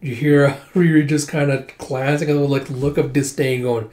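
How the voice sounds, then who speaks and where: A man's voice: a little high, fairly even intonation, moderate pace, a little mellow. A man casually retelling a comic book aloud, chatty and laughing often as he goes. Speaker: manga reader. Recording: roomy echo.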